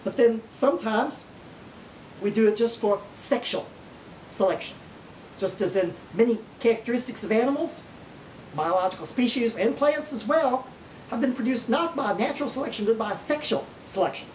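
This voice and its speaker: A man putting on a folksy Oklahoma naturalist who lectures in a slow drawl with an Oklahoma accent, his pitch swinging up and down as he makes each numbered point. The voice sits back from the mic in an echoey room. It is a comic mock lecture. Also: lively intonation, a little hiss or hum. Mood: folksy lecturing. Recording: roomy, distant from the mic.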